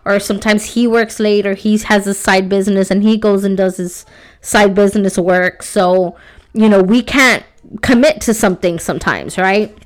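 A woman in her thirties hosts a solo podcast in a medium-pitched voice at a moderate pace. She's chatty, encouraging and faith-based, often filling her talk with "like" and "right?".

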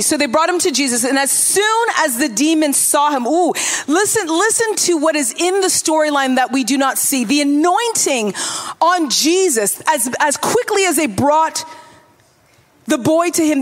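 A woman pastor preaching a sermon, acting out Bible dialogue in voices and breaking off with quick asides. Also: high voice, a bit bright. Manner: quick asides, self-interrupting.

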